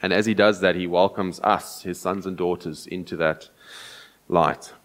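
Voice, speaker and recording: A man preaching an earnest, explanatory sermon, often pausing and restarting as he thinks. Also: deep voice, steady tone.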